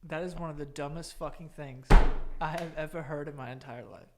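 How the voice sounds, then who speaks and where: A man's voice: fairly high pitch, fairly quick, very noisy. Teasing, skeptical male co-host. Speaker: podcast co-host. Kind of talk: casual chat.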